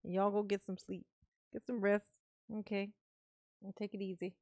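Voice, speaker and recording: A woman's voice: mid-range voice, flat delivery, normal speed, a little mellow, no echo. A woman hosting a casual livestream, teasing and laughing often, fondly calling herself Mama to her viewers. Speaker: livestream host. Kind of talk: casual live-stream commentary.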